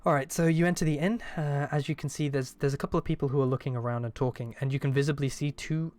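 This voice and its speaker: A man narrating a tabletop game as game master in a relaxed way, with many fillers and restarts. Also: on the high side, quick pace.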